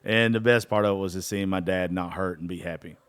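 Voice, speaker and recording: A man's voice: deep voice, a little fast, a bit bright, smooth. A man hosting a podcast, telling a story in a loose, rambling way, swearing freely and using lots of fillers. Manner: profane, rambling, with many fillers. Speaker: podcast host. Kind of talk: casual storytelling monologue.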